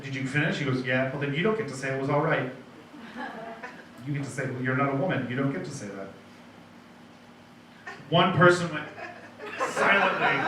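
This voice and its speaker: Young man, stand-up comic, bright voice, rambling self-deprecating delivery, very echoey bar room, mic sounds far off. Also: mid-range voice. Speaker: stand-up comedian. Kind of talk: stand-up comedy set. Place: comedy night in a donut bar. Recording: very echoey room, mic heard from afar, faint noise.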